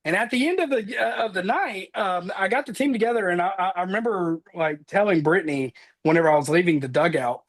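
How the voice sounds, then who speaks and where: A man in his thirties giving an earnest motivational talk, energetic as he tells personal stories on a call. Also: high-pitched, brisk, few pauses. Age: 30s. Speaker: motivational speaker.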